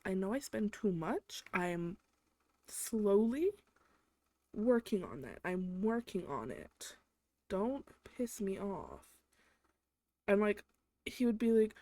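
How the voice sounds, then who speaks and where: A woman's voice: mid-range voice, animated, measured pace, dark tone, dry recording. A young woman from England, hosting her own show, ranting casually with a lot of swearing and filler "like"s. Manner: exasperated, swears a lot, heavy use of "like". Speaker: podcast host.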